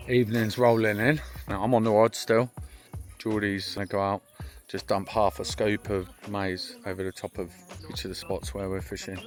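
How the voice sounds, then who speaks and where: A man's voice: fairly low pitch, level tone, moderate pace, soft background music. A man vlogging his fishing trip in casual chat, calling everyone mate, recorded outdoors by a lake on a phone. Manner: chatty, calls everyone mate. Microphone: handheld phone.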